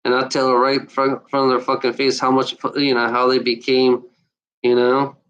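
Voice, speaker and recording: In a casual, unscripted video, a man rants bluntly and profanely, restarting often and filling gaps with filler words. His mid-range voice is monotone, bright, and smooth at a moderate pace, but the recording sounds muffled.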